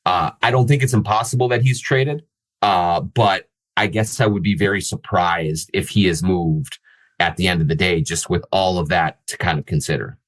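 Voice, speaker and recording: A man's voice: low-pitched, normal speed, rough recording. A man hosting a sports podcast, talking things through casually with many fillers and restarts. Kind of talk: casual analytical chat.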